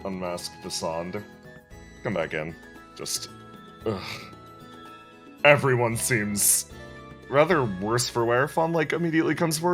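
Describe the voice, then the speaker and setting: A woman's voice: rumbling low, expressive, measured pace, pauses often, faint music behind. A woman running a tabletop role-play game as game master, laughing often and switching between character voices.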